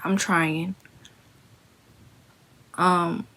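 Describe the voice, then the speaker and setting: A young woman vlogging candidly to camera, speaking in a halting, emotional way as she holds back tears while grieving. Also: on the low side, little pitch movement, bright, forceful tone. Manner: emotional, halting, plain-spoken.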